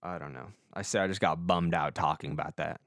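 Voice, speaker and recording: Young male podcast host, rambling and profane, smooth clear voice, dry close sound. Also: a bass voice, fairly even intonation, a little fast, a bit bright, no echo. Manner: rambling, swears a lot, self-deprecating. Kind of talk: casual comic monologue.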